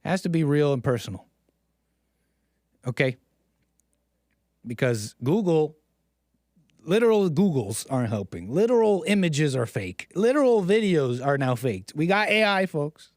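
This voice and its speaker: A man's voice: fairly high pitch, big pitch swings, a little slow, long pauses, a little mellow, dry recording, studio quality. Sarcastic male stream host. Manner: sarcastic, mocking, rambling. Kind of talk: live-stream commentary monologue.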